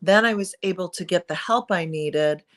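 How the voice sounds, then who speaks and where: Earnest, low-pitched woman sharing candidly. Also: normal speed. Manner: earnest, confessional, emphatic pleading. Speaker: guest, perinatal mood disorder speaker. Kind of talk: candid interview conversation.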